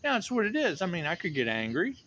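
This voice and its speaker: A man's voice: high-pitched, huge pitch swings, quick pace, fairly bright tone, a little hiss or hum. A man giving a rambling, sardonic and profane monologue as a tarot reader, often repeating himself.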